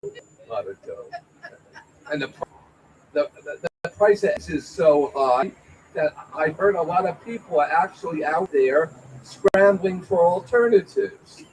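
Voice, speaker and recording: A man works through an open-mic stand-up set, stammering and filling gaps with his own chuckles. He talks slowly in a fairly high voice. Faint room ambience sits behind him. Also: background noise. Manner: halting, stammering delivery with fillers and self-laughs. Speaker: stand-up comedian. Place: small venue at an open mic night.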